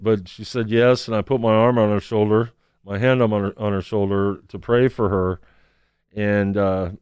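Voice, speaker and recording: A man's voice: lowish voice, darkish tone, clean tone, dry recording. A man telling a personal story as a testimony, acting out the people he quotes. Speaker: street counselor.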